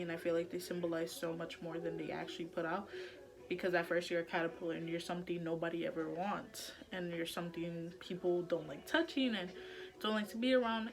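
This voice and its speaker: A young adult woman talking in a casual personal vlog, heartfelt and chatty, full of "like" and "um" fillers. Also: fairly low pitch. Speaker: vlogger.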